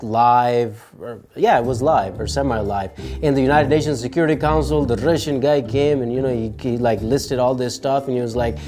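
A man talks through the news in a loose, chatty way, full of fillers and asides. He switches into put-on voices whenever he quotes someone. Faint music plays underneath. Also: medium pitch. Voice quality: animated, puts on voices for quotes. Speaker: commentator. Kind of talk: casual political commentary.

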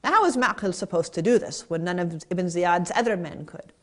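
A woman's voice: on the low side, fairly quick, fairly bright tone. A woman narrating a historical story in a vivid, dramatic way.

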